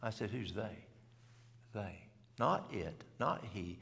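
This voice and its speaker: A man's voice: fairly low pitch, sing-song, slow, fairly bright tone. A middle-aged man, telling a story to a church audience in plain, folksy country talk. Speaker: health seminar speaker. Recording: gravelly voice in a reverberant church hall.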